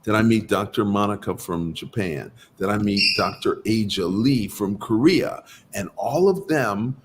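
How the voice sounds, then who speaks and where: A man's voice: on the low side, a little slow, slight background noise. A man, a guest doctor of Chinese medicine, telling his story in an interview and acting out the dialogue in it. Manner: animated, acts out quoted dialogue.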